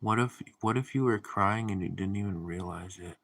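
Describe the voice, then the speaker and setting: Sleepy deadpan guy on a stream reading out chat comments, low voice but kinda sharp and bright. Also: moderate pace, creaky. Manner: reads viewer comments aloud and answers them. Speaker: livestream host. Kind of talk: casual livestream chat.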